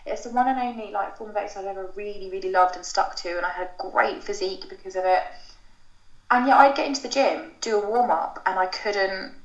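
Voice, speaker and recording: A woman's voice: medium pitch, fairly quick. A woman in her thirties, a podcast guest telling a long personal story in a chatty, rambling way with fillers and self-corrections. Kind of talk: casual podcast chat. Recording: roomy, dull lo-fi sound.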